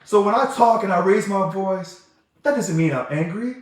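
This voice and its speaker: A man with a high voice talks at normal speed, hosting a livestream and answering viewer comments in an emphatic, heated way. The room he's in is very echoey.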